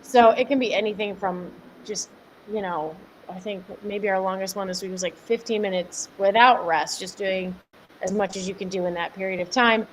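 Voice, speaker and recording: A woman's voice: mid-range voice, fairly even intonation, normal speed. Young female coach, upbeat and chatty, mid-range voice, talks to viewers from home, slight noise. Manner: upbeat, chatty, answers viewers by name, laughs often. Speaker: fitness coach. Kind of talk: live-stream workout instruction. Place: home workout space. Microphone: camera mic at home.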